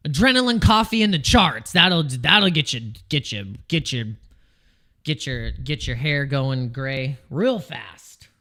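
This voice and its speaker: A man's voice: medium pitch, expressive, slow pace, bright, forceful tone. A man hosting a casual crypto livestream, joking and rambling, reading chat names and restarting his sentences, wired on coffee. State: over-caffeinated.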